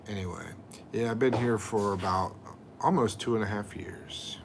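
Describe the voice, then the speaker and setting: A man's voice: fairly low pitch, normal speed, background noise. A middle-aged man, chatting casually on a livestream and reading viewer comments aloud with jokes. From USA. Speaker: livestream host.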